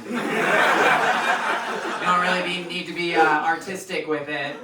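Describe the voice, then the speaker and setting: A man's voice: fairly high pitch, flat delivery, unhurried. Chatty trans man comic, far off. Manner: chatty, laughing, shouting introductions. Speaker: comedian and show host. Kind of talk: stand-up set and hosting. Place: small comedy venue. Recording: echoey room from far off with loud noise.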